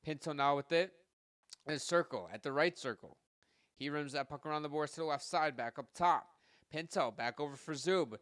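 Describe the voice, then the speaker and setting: A man giving live hockey play-by-play from home, rattling off passes and shots and getting louder on goals, with casual asides to his listeners. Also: fairly high pitch, normal speed, smooth, no echo, clean studio sound. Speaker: podcast host doing live play-by-play.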